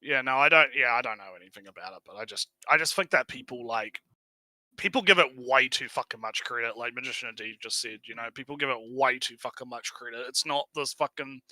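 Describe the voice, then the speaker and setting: A man's voice: mid-range voice, brisk, bright, forceful tone, no room sound. A man chatting casually on a stream, rambling and swearing, often laughing. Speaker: stream co-host. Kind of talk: casual chat.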